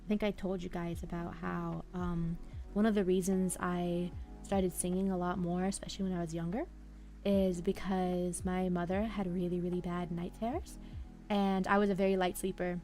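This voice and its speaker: A young woman streaming live, chatting softly and calmly, with a quiet, slightly mumbled way of talking and wandering thoughts. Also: fairly low pitch, moderate pace, soft background music. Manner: soft-spoken, mumbling, drifting thoughts. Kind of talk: relaxed live-stream chat. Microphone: headphones half off, desk mic.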